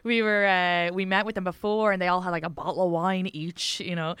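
A woman's voice: on the low side, level tone, brisk, a bit bright, clear, resonant tone, no echo, clean studio sound. A young Irish woman with an Irish accent, hosting a podcast in casual chat, telling stories and laughing often. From Ireland. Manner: chatty storyteller, laughs often. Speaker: podcast host.

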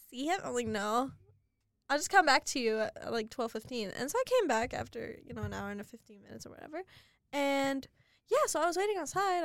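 A woman's voice: high-pitched, dry recording. A young woman co-hosting a podcast, chatting casually and telling stories with frequent giggles. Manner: giggly, animated storytelling. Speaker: podcast co-host. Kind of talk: casual chat.

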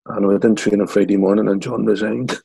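A man in his sixties from Northern Ireland with a Northern Irish accent, telling lively stories as an interview guest. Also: fairly low pitch, fast, vocal fry, a little hiss or hum, poor audio. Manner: lively yarn-spinner acting out quotes. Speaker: guest, former footballer. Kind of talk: anecdotal storytelling.

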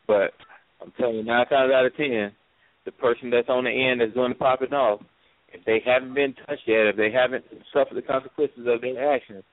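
A man's voice: medium pitch, dry recording. A man on a talk radio panel, speaking earnestly and emphatically. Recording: tinny dry phone-like sound.

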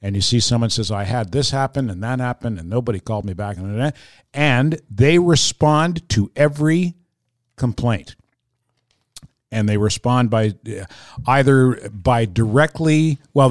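A man's voice: mid-range voice, no echo, studio quality. A man co-hosting a podcast, reading a sponsor spot in an easygoing, rambling way and hedging as he goes. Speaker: podcast co-host. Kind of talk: casual chat, sponsor read.

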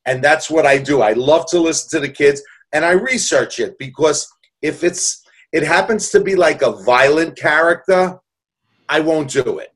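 At normal speed, a man with a slightly high, somewhat bright voice shares heartfelt, rambling tales. He's a balloon artist from New York, USA, in his 60s, and his storytelling is casual and jokey.

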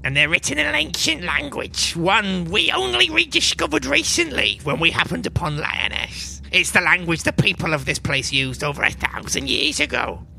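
A man voicing Silas, a tiny male gnome spice master who is sharp and suspicious, in a high exasperated voice. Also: big pitch swings, normal speed, vocal fry, hardly any pauses, a little hiss or hum, heavily acted, poor audio. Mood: serious.

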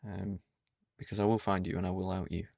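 A man's voice: sits low, flat delivery, fairly quick, creaky, a little mellow, no room sound. A man hosting a solo podcast, talking in a dry, mock-stern and pedantic way. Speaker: podcast host.

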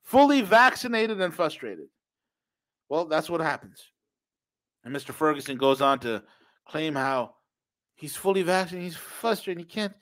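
A man's voice: on the high side, very animated, normal speed, long pauses, a bit bright. A man co-hosting a podcast, reading news aloud with sarcastic, mocking asides. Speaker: podcast co-host. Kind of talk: casual ranting commentary.

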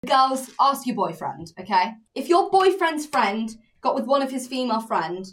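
A woman's voice: sits high, big pitch swings, moderate pace, distant mic. A young woman co-hosting a podcast, teasing her friend and prompting her with questions in casual chat. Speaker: podcast co-host.

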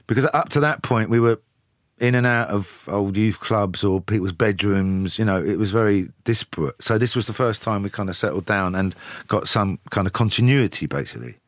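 A man, telling lively anecdotes with chuckles as a studio guest. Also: fairly low pitch, normal speed, no room sound. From England. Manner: lively, chuckling storyteller with frequent "you know". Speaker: musician, guest. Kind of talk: casual chat, anecdotal storytelling.

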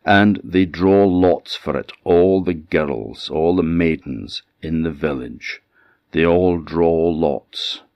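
A storyteller with a Scottish Orkney accent voicing a surly, unfriendly coach driver who speaks curtly and dismissively. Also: male voice, low voice, takes it slowly, no room sound, highs cut off. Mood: grim. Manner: curt, dismissive.

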